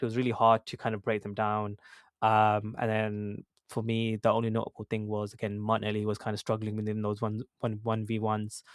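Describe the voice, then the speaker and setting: Low flat-voiced man chatting football. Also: clear, resonant tone, no echo, studio quality. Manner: conversational, many fillers and restarts. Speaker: podcast co-host. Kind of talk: casual football chat.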